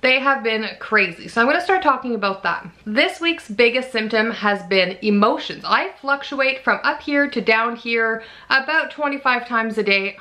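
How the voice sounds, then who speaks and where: A woman in her thirties chatting casually in a vlog, emotional and quick to laugh, sounding tired. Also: on the high side, animated, bright, forceful tone. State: fatigued. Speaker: vlogger.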